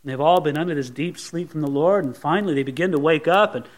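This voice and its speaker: This pastor's voice runs on the high side and moves fast. In his sermon he dramatizes the scene, performing the people in it with their own voices.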